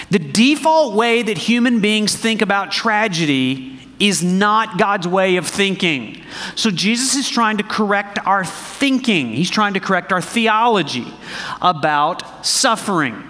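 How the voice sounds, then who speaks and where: A man preaching a sermon, animated and conversational, asking the congregation questions as he reads scripture. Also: high-pitched, in a large hall. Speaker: pastor.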